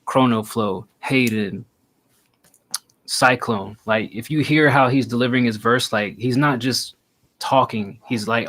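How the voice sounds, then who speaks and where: A man's voice: mid-range voice, fairly bright tone. A man co-hosting a music review show, giving blunt casual feedback with lots of fillers.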